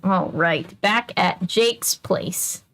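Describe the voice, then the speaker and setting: A woman's voice: medium pitch, very slow, fairly bright tone, rough recording. A young woman casually reading a children's mystery book aloud, breaking in with chatty asides.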